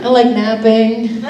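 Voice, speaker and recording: A woman's voice: a little high, recorded from a distance, background noise. A young woman, an actor guest on a convention panel, chatting casually with frequent laughs. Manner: chatty, laughs often, lively asides. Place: convention hall. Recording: echoey hall, picked up from afar.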